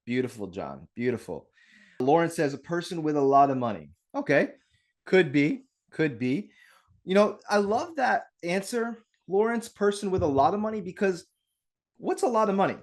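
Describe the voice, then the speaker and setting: A man hosting a live real estate webinar, talking in an energetic, upbeat way straight to his audience over a video call mic. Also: high-pitched, normal speed. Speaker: webinar host.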